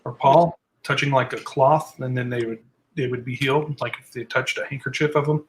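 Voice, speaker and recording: A man's voice: mid-range voice, steady tone, brisk, a little hiss or hum, poor audio. A man leading a casual group Bible study, explaining scripture conversationally with asides.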